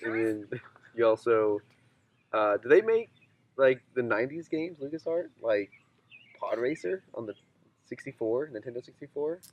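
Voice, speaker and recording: A man co-hosting a casual chat, relaxed and rambling with lots of fillers. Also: mid-range voice, moderate pace, pauses often, dull audio.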